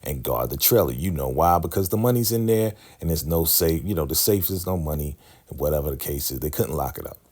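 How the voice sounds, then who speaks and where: A deep-voiced man hosts a casual recap vlog with a husky edge. His pitch swings widely as he retells scenes. He laughs along and jumps into the characters' lines. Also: lively intonation, brisk, darkish tone. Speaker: recap host.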